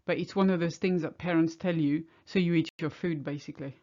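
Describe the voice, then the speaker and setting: A woman's voice: low-pitched, steady tone, brisk, dark tone. A middle-aged woman from France with a French accent, teaching in a chatty, wry way. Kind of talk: casual video lesson. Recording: slightly muffled home recording.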